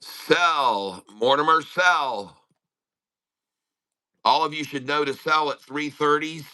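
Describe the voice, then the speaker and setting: Muttering while sorting out his audio, a middle-aged day-trading streamer chats casually from home. His voice sits a little high and sounds pushed, bright, and smooth, with an unhurried pace and a faint lisp.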